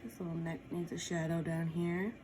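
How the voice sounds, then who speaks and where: A woman's voice: lowish voice, flat delivery, normal speed, background noise. A woman giving a casual painting tutorial, chatting along as she works and adding small apologetic asides. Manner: chatty, talks while working, apologetic asides. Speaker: painting instructor.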